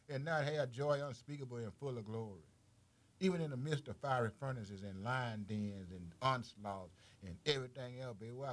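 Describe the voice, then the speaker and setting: There's no echo on this fairly high-pitched man's informal preaching. He rattles off rhetorical questions, calls the listener man, boy and baby, and laughs in between phrases while his volume rises and falls.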